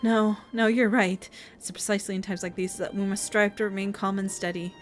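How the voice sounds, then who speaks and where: A woman's voice: medium pitch, fairly even intonation, fairly quick, faint music behind, close to an everyday voice. A woman voicing an anxious, indignant young villager in a fantasy game, speaking in an agitated, fretful way.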